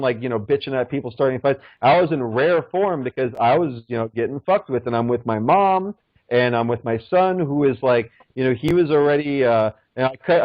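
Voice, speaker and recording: A man rambles through a story in a loose, profane way, padding nearly every phrase with fillers. His voice sits at an ordinary middle pitch, heard dry and close with little room sound. The recording is dull and lo-fi. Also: no echo. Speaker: podcast guest. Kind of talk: casual storytelling.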